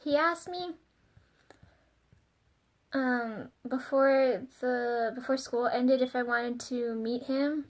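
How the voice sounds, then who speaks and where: A young woman with a high-pitched voice chats through a casual confessional vlog. She talks in a loose, rambling way, leaning on fillers like "like" and "um". She giggles often and gets flustered and self-conscious. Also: slow pace, long pauses. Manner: chatty, giggly, lots of fillers like "like" and "um". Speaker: vlogger.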